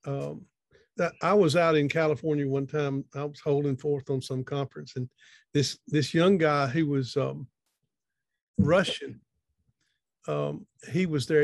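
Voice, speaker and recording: A man's voice: fairly high pitch, a little mellow, no room sound. Folksy middle-aged man on a video call. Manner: folksy, rambling, frequent restarts. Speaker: conference speaker. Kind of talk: informal sermon-style talk.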